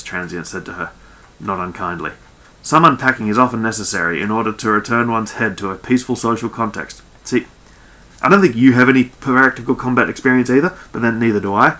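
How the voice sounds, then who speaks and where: Bright-voiced man doing a snarky book reading. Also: fairly low pitch, quick pace. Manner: sarcastic asides between dialogue, swearing. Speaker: narrator reading a novel aloud in character.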